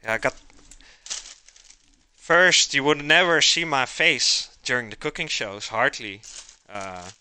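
A man's voice: medium pitch, slow, sharp tone, clean tone. A man chatting casually to his live chat while he cooks, rambling as he goes. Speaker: streamer cooking live.

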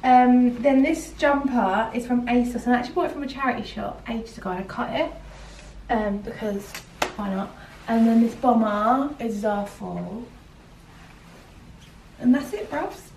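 A woman's voice: a little high, a little slow, a little mellow, roomy sound, a little hiss or hum, rough recording. Giggly young woman vlogging. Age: young adult. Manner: giggly, chatty, teasing. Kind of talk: casual vlog chat. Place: train station, hotel corridor and room.

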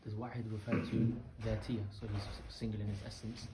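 A male student in a religious class, giving quiet, hesitant answers to the teacher. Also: fairly low pitch, little pitch movement, brisk. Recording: echoey room, from afar, faint background noise.

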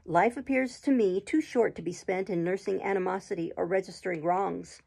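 A gentle, patient schoolgirl, read by a woman in a storybook audiobook, reasoning calmly and earnestly. The voice has a husky, breathy edge with a gravelly fry underneath. Her delivery stays even and measured. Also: mid-range voice. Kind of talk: audiobook reading.

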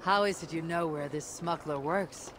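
A woman playing a low-voiced Viking warrior. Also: moderate pace, background noise, lightly acted. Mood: firm. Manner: steady, blunt, commanding. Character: tough Viking woman warrior, calm and firm. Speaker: game protagonist. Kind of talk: video game dialogue. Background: game music.

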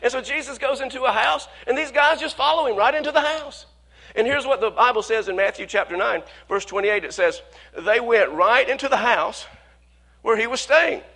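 A male pastor preaching a sermon in a conversational way, often repeating words, speeding up for quoted worries and slowing to stress key points. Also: very high voice, sharp tone.

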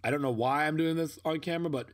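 A man's voice: a little high, fast. Young male vlogger, casual voice-over, rambling and self-mocking, prone to sudden outbursts. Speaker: unboxing vlogger.

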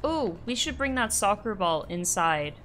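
A young woman giving playful gameplay commentary, talking to game characters in an animated way. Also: medium pitch, unhurried, soft background music. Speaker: gaming streamer.

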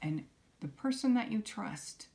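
A woman teaching young children, gently coaxing them to repeat simple phrases after her. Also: medium pitch, animated, a little slow, creaky. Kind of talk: children's lesson.

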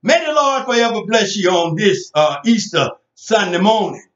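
A man's voice: high voice, sing-song, moderate pace, a bit bright. A man preaching as pastor, chanting his sermon in a rhythmic sing-song whoop with "and, uh" between phrases. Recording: roomy, distant, dull lo-fi sound.

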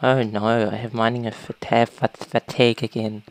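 Deep-voiced woman commentating a game. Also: level tone, moderate pace. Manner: talks to game creatures, sudden panicked shouts. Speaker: gaming YouTuber.

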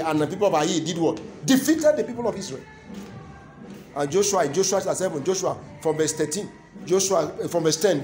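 Preaching with a Nigerian accent, this man has a voice on the high side with a darkish tone. He repeats key phrases for emphasis and works the congregation through call-and-response, prompting "what?" for them to complete his lines.

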